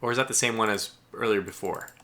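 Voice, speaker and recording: A man giving live gameplay commentary as a streamer, chatty and excitable, talking aloud to the ships he commands. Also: fairly low pitch, quick pace.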